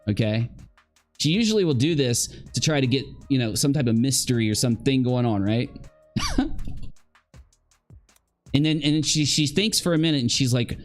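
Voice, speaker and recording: A man's voice: medium pitch, animated, normal speed, pauses often, faint music behind. A man giving casual livestream commentary, chatting straight to his viewers and acting out the reactions of the people in the clips.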